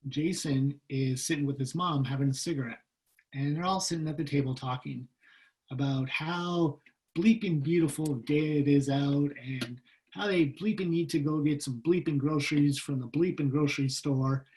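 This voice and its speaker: Man, middle-aged, slightly high voice, animated storyteller, acts out quoted voices, video call audio. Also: normal speed. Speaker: guest speaker. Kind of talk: personal storytelling talk.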